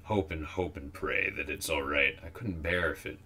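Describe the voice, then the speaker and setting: A man voicing an earnest young female hedgehog who speaks gently. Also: a bass voice, moderate pace, full character voice. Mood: worried.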